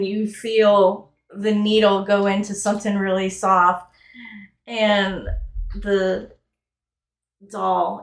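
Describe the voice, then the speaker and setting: A woman's voice: mid-range voice, little pitch movement, takes it slowly, long pauses. A woman narrating as game master in a loose, rambling, casual storytelling manner with some swearing, recorded in an echoey room.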